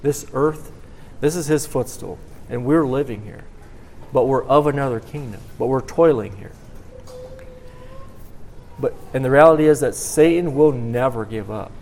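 A male preacher delivering a sermon. He halts and repeats himself, then builds into emphatic stretches, at a mid male pitch with faint background noise. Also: darkish tone. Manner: halting, repeating words, swelling with emphasis.

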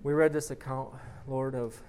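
A man's voice: medium pitch, steady tone, normal speed, a little mellow, a little hiss or hum. A man preaching, reading a dramatic story aloud and then leading a prayer, emphatic on repeated questions. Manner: emphatic, rising on rhetorical questions.

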